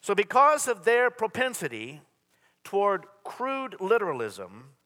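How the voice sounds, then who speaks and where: A man's voice: high voice, sing-song, moderate pace, bright, forceful tone. Man preaching in an echoing church. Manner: earnest preaching with repetition and humor. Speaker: pastor. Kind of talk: sermon. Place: church sanctuary. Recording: long hall reverb.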